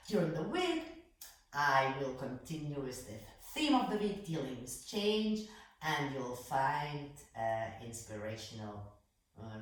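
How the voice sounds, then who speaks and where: A woman from Bavaria whose first language is German, closing a yoga lesson as teacher and life coach, gentle and often adding a soft "mm?". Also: rumbling low, very echoey, recorded from a distance, low-quality recording. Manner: gentle, adds soft "mm?" after phrases. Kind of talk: closing talk of a yoga class.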